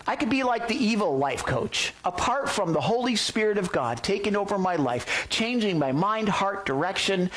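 Excitable husky-voiced male pastor. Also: sits high. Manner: excitable and emphatic, often rising to near-yelling. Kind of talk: sermon. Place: church, relayed to listeners by phone and online.

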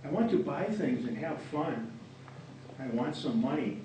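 A man's voice: mid-range voice, expressive, unhurried, warm tone, a little hiss or hum, natural voice. A man reading the part of a boy who grows into a tired old man, always asking for more. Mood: wistful. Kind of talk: reading a children's story aloud. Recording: echoey room from far off.

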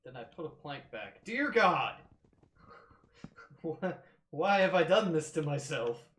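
A young man hosting a casual gaming session, playfully melodramatic, swinging into loud mock outrage and laughter. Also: on the high side, very animated, takes it slowly, roomy sound, a little hiss or hum. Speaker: gaming channel host.

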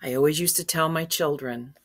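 An older woman reading a children's storybook aloud, then gently and earnestly speaking to young listeners and asking them questions. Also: low voice, brisk.

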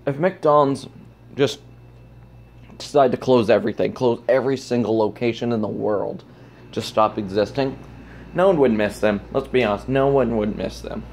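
There's a faint hiss or hum behind this man, who talks at a moderate pace into a phone camera he's holding. It's a rambling vlog rant where he suddenly shifts into loud, squeaky voices to quote people.

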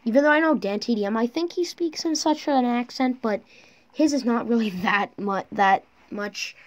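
This mobile gaming YouTuber chatters on in a rambling way while racing in a phone game, captured on her phone mic through a screen recorder. Her voice is fairly high and her speed normal.

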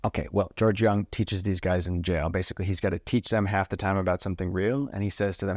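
Male podcast guest, low voice, brash and profane, animated storytelling, dry studio sound. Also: fast talker, dry recording. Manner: energetic, profane, acts out the people in his stories. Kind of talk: casual storytelling interview.

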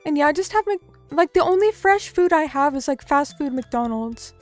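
A woman's voice: sits high, lively intonation, normal speed, soft background music. A young woman streamer chatting casually, reading out chat messages and joking about herself in a playful way. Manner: playful, reads chat aloud, self-mocking.

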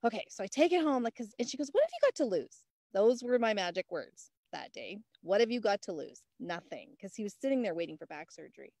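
A Canadian woman speaking as a guest on a group call from outdoors on a mountain, telling her story in a lively way and acting out the voices of the people in it. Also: fairly high pitch, dry recording, clean studio sound. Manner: animated, acts out quoted voices. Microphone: laptop on a hotspot.

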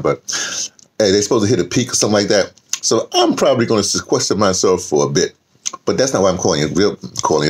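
An older man chats casually to his viewers from home. His voice sits very low and sounds husky. He rambles, circling back with fillers and restarts. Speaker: vlogger. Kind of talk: casual morning vlog. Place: home, indoors.

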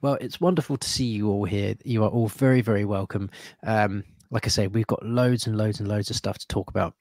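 A man's voice: fairly low pitch, fairly even intonation, a little fast, a little mellow, dry recording, clean studio sound. A man around thirty hosting a live podcast in a chatty, upbeat way, greeting viewers one by one. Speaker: podcast host. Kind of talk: casual live-stream chat.

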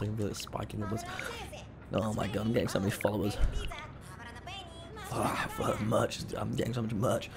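A British man streaming a game, chatting quickly, swearing and joking at his own expense. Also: on the low side, gravelly, a crowd in the background. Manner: quick, animated, swears often, self-mocking. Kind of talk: casual game stream chat.

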